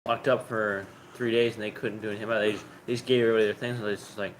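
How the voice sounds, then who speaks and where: A man's voice: lowish voice, level tone, rapid-fire, slight background noise. A man co-hosting a Bible study, casually retelling the story in an offhand way.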